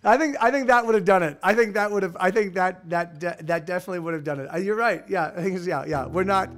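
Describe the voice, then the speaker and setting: A man's voice: sits high, quick pace, faint music behind. A man hosting a casual live stream, telling rambling, profane stories with lots of restarts.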